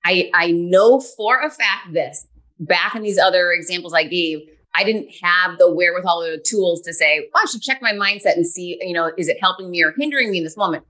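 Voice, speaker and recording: Woman, 40s, podcast guest; bright tone, candid and animated storyteller. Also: fairly low pitch, fairly quick. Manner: earnest, animated, acts out her own past thoughts.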